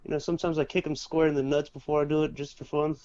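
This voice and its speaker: A man's voice: fairly high pitch, little pitch movement, quick pace, a little mellow, no echo, muffled recording. A man co-hosting a podcast in casual, profane chat who laughs through his stories and keeps saying bro. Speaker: podcast co-host.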